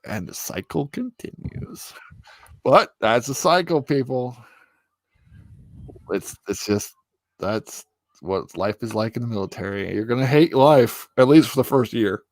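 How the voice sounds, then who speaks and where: A man's voice: medium pitch, expressive, measured pace, dry recording. A man hosting a casual chat with friends, crude and teasing, who laughs a lot and acts out mocking voices. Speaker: streamer host.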